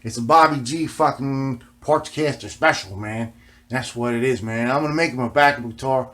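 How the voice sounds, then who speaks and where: A man's voice: medium pitch, moderate pace, a bit bright. A man vlogging in a casual, rambling way, swearing often and ending nearly every phrase with "man". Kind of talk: casual rambling vlog talk.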